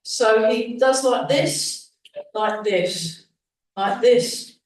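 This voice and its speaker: Woman teaching tai chi, slow easy talk, echoey room, mic kinda far away. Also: a little high. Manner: calm breathing cues mixed with chatty asides. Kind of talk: leading a beginners' qigong class.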